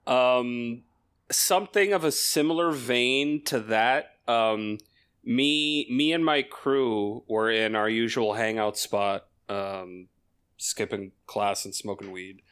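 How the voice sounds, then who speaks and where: A young man co-hosting a podcast, telling a story haltingly with many fillers. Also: mid-range voice, a bit bright, smooth. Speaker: podcast co-host. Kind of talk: casual chat.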